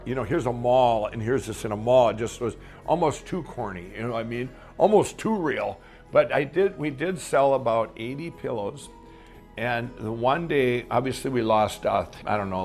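Gravelly-voiced man, candid rambling storyteller who acts out the dialogue, faint music behind. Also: mid-range voice. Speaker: guest telling his life story. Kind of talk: personal storytelling.

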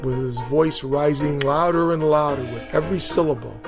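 A man narrating his own experience in a measured, vivid first-person telling. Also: a little high, gravelly, soft background music. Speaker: storyteller recalling boot camp. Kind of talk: storytelling narration.

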